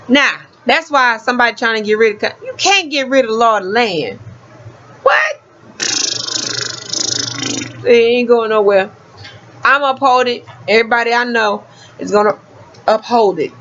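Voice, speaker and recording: A woman's voice: on the high side, fairly bright tone. A woman, teaching law texts in an emphatic, preachy, casual monologue. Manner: preachy, emphatic, street-talking. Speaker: community educator reading law texts. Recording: dull lo-fi sound.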